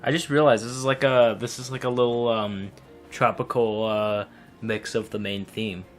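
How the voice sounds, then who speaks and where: A man's voice: on the low side, flat delivery, normal speed, faint music behind. A man co-hosting a podcast, making dry, laid-back remarks during a gaming session. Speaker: podcast co-host. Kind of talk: casual chat while playing a game.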